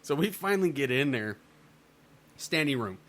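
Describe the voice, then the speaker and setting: Man, podcast co-host, bright tone, casual profane storytelling, laughs a lot. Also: medium pitch, animated, normal speed. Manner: profane, laughing storyteller who acts out quotes.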